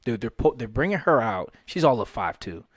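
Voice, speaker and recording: A man's voice: medium pitch, fairly quick, slightly rough. A young man co-hosting a podcast, telling a story in casual chat, swearing and acting out quotes. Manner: animated, swearing, acts out quotes with laughs.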